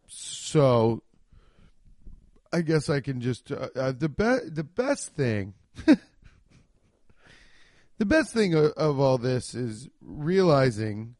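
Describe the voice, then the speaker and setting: Man, podcast host, casual comic storytelling, self-deprecating, swears a lot, mid pitch, dry close sound. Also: darkish tone, no echo.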